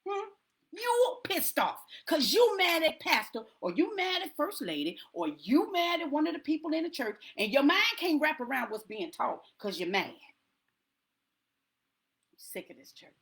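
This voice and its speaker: A woman's voice: high voice, very animated, normal speed, fairly bright tone. A woman preaching to a congregation in an emphatic, repetitive rallying cadence.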